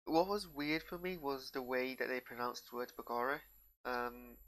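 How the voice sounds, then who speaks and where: A man with a northern English accent reacting to a TV episode in a loose, casual way. His voice has a gravelly fry and a forceful, bright edge. He rambles and wanders off on tangents mid-thought. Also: medium pitch, fairly even intonation, normal speed. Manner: rambling, digressive, drifts off on tangents. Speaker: show reviewer.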